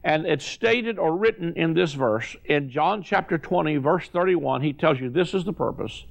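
A man preaching a sermon, emphatic, repeating key words and slowing down to draw out scripture. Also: fairly high pitch, expressive, gravelly.

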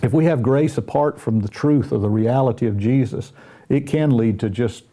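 A man's voice: medium pitch, moderate pace, dark tone. A middle-aged man with a Southern US accent, a minister telling folksy, self-deprecating stories in a casual Christian talk show chat. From Southern United States.

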